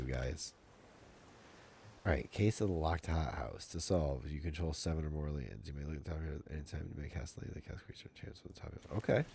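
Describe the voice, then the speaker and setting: Streaming a card game, a middle-aged man talks casually to his audience in a very deep, warm voice, with a little hiss or hum in the audio. He's goofy and self-mocking, full of jokey asides to chat.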